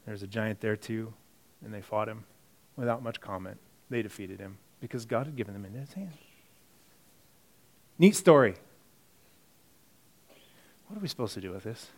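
A man's voice: lowish voice, moderate pace, long pauses. A male pastor delivering a sermon in a loose, conversational manner. He reads scripture and then comments on it, his voice sinking to near-muttered asides before rising sharply for emphasis. He often restarts and repeats words mid-thought. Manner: conversational preaching, swings from quiet asides to emphatic bursts; self-correcting, repeats words.

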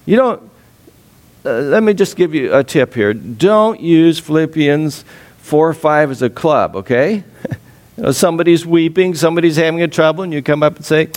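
A man preaching a sermon as a pastor, expressive, laughing often and dropping soft and low on sad points. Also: normal speed.

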